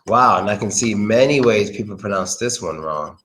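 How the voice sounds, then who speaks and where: A man's voice: fairly low pitch, animated, measured pace, hardly any pauses, a bit bright, slight background noise, rough recording. An American man giving a casual, chatty English pronunciation lesson, often repeating his phrases. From United States. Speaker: English teacher. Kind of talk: casual live-stream lesson.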